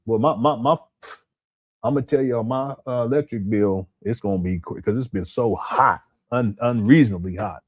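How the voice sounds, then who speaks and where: Man, live-stream host, casual commentary, rambling, repeats himself, mid-pitched voice. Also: normal speed. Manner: rambling, repeats words, talks to chat. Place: hot home room.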